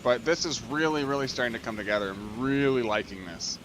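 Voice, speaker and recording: Excitable man narrating gameplay. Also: medium pitch, a little fast, noisy background. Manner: excitable, gushing, laughs often. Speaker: let's play host. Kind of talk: gameplay commentary.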